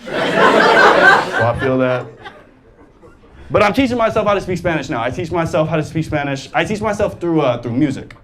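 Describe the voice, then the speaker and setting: A young adult man performing a stand-up comedy set on stage, animated, jumping into loud exaggerated voices for the people he quotes and laughing through his lines. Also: a little high, fast talker, few pauses, over a noisy crowd. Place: comedy stage before a live audience. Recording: live stage mic with clear audience noise. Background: audience laughter.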